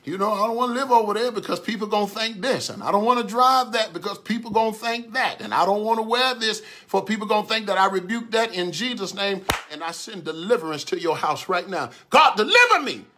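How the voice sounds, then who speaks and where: A man preaching a livestreamed sermon, swinging from calm talk to shouted repeated prayers. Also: high-pitched, fairly quick, few pauses. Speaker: pastor.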